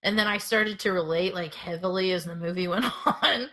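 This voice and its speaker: Bright, chatty woman podcast co-host. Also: lowish voice, moderate pace. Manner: giggly, chatty, acts out quotes. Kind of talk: casual chat.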